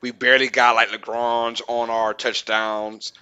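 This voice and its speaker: A man's voice: medium pitch, level tone, measured pace, bright, forceful tone, clear, resonant tone, lo-fi sound. A young man co-hosting a sports podcast, telling stories in casual, slangy talk and laughing often. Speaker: podcast co-host.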